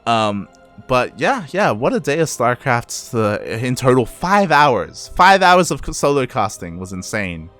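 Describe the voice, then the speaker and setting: A man's voice: mid-range voice, very animated, a little slow, fairly bright tone, faint music behind. A tired young man with an Australian accent that has a Latin American touch, chatting casually as an esports caster, rambling and correcting himself. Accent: Australian with Latin American influence. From Australia, Peruvian parents. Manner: rambling, self-correcting, chuckles often. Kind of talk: casual stream wrap-up chat.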